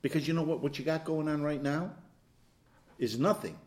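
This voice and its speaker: Leading an informal Bible study, a man with a slightly high voice teaches animatedly at normal speed. He plays out little scenes of dialogue, swinging from loud to hushed.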